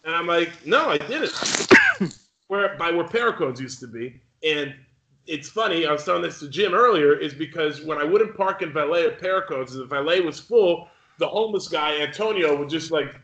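Podcast co-host, young male, bright animated storyteller, echoey room with muffled sound. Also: fairly high pitch, a little fast. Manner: swearing, animated storyteller acting out other people. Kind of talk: casual storytelling chat.

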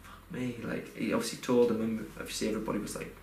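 A man's voice: fairly low pitch, monotone, very fast, creaky, darkish tone. A young man telling a personal story in a rambling, heartfelt way, full of fillers and restarts. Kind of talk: casual podcast chat. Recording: roomy echo, faint background noise.

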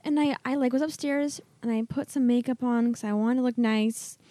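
A seventeen-year-old girl co-hosting a podcast, chatting in a bubbly, gushing way. Her voice sits high and bright-edged. It is recorded dry and close, with no echo at all. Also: steady tone, normal speed. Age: teenager, 17. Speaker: podcast co-host. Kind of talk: casual chat.

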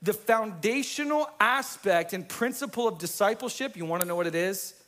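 A male pastor preaching an energetic, conversational sermon, often checking in with the congregation. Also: sits high, moderate pace. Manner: energetic, conversational, asks the room "right?".

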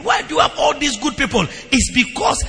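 A man preaching a sermon as a pastor, telling stories to his congregation with lively, exclamation-filled delivery in a church hall. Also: extremely high pitch, quick pace, gravelly. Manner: animated storytelling preaching with repeated exclamations. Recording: long reverb of a large hall.

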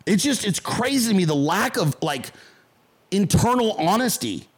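A man's voice: high voice, big pitch swings, moderate pace, breathy edge. A man hosting a casual livestream show, talking bluntly and with lots of swearing, and mocking his critics in put-on voices. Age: adult. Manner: blunt, profane, combative; mocks callers in put-on voices. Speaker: podcast host.

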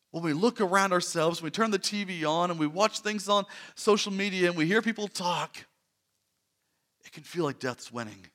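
A man preaching a sermon, earnest, dropping to soft hushed lines and rising to loud emphatic repetition. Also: high-pitched. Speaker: pastor.

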